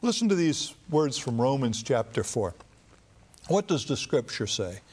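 A man's voice: medium pitch, very animated, measured pace, darkish tone, husky. Conversational man preaching a sermon. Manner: conversational storytelling with fillers.

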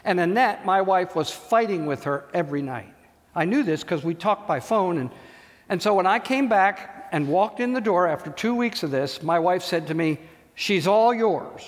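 A man's voice: high-pitched, normal speed. A man preaching a sermon, telling a story and acting out the voices in it. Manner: animated storyteller, acts out voices. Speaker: pastor. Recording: long hall reverb.

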